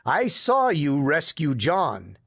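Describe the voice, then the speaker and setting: A man voicing a calm, firm older grandfather who runs an inn. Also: on the high side, slow pace, gravelly, breathy edge, no room sound, studio quality, exaggerated voice. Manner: firm, commanding.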